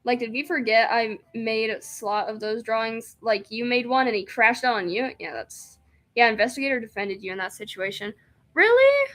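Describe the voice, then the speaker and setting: A young woman streaming a game, reading its text aloud and chatting excitedly, often laughing and rambling. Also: a little high, moderate pace. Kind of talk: casual let's-play chat, reading game text aloud.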